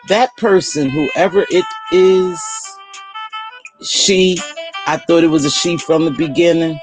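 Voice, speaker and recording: A woman's voice: sits low, slow, over music. An older woman giving blunt, exasperated live commentary to her viewers. She uses casual slang and repeats words for emphasis. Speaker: online commentator.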